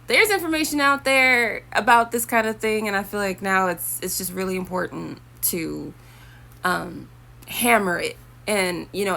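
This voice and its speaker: A woman's voice: fairly low pitch, vocal fry, sharp tone. A young woman talking casually to her viewers, rambling and chatty with preachy asides. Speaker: vlogger. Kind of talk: casual talk to camera.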